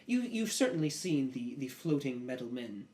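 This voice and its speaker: A man playing a smooth, ambitious nobleman who speaks formally and hesitates often. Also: medium pitch, sing-song, moderate pace, darkish tone, natural voice. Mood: scheming.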